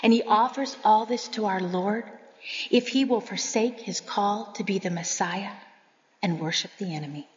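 A woman's voice: medium pitch, moderate pace, in a large hall, highs cut off. A woman giving an earnest, sermon-style Bible teaching, telling personal stories.

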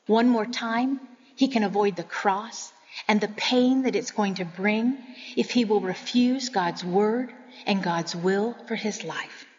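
A woman's voice: medium pitch, slow, in a large hall, highs cut off. A woman giving an earnest, sermon-style Bible teaching, telling personal stories.

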